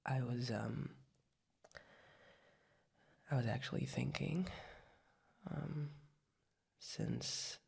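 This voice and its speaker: A woman's voice: extremely low pitch, steady tone, very slow, creaky, long pauses, darkish tone, husky, exaggerated voice. A woman in whispered role-play as a young adult girlfriend, talking in a hesitant, rambling way with lots of restarts. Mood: sleepy, tender.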